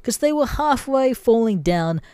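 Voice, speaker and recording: A man's voice: very high voice, lively intonation, measured pace, mellow, smooth, no room sound. Swearing young Australian guy telling a story. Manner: heavy swearing, laughs through the story. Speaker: podcast host. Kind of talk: casual storytelling.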